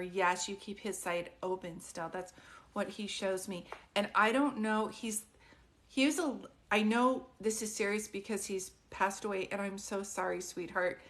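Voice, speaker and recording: Woman doing a live reading on her phone, soft and consoling, lots of "does that make sense". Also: mid-range voice. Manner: soft, consoling, often asks questions. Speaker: psychic medium. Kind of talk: live-stream reading, casual and chatty.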